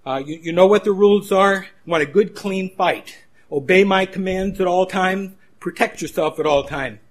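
A man imitating a brisk, commanding male fight referee giving instructions. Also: sits high.

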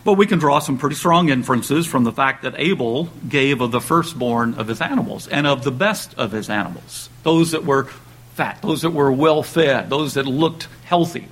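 A man's voice: moderate pace, a bit bright, rough recording. A man preaching a sermon, speaking conversationally with restarts and lifting his voice when he reads scripture aloud. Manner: raises pitch and volume when reading dramatic quotes.

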